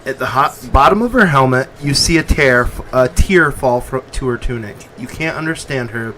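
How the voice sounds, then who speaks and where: A man's voice: medium pitch, expressive, normal speed, few pauses, pushed and bright, slight background noise, poor audio. A man streaming a video game in casual, joking commentary, sometimes swearing and reading the on-screen text aloud.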